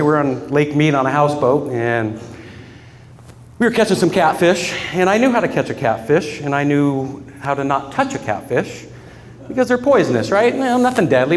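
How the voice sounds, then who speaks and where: A man's slightly high voice carries a big-room sound as he eulogizes his father to mourners at a funeral gathering. He tells personal stories earnestly, often breaking into laughter.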